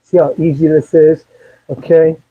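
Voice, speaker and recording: Hosting a casual cooking livestream from his home kitchen, this Maryland man chats cheerfully and encourages his viewers along. His voice is on the high side and slightly rough, with little pitch movement and a moderate pace. The audio sounds narrow and tinny.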